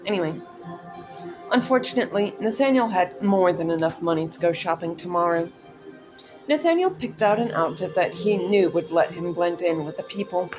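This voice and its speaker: A woman's voice: lowish voice, animated, normal speed, over music. A woman reading her own story aloud in a casual, chatty way, breaking off into personal asides and laughing at her stumbles.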